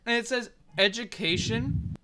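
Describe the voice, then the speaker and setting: A man's voice: very high voice, measured pace, sharp tone, a little hiss or hum. A young man hosting a casual podcast, telling a rambling story with lots of swearing and laughter. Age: young adult. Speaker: podcast host. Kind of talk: casual chat.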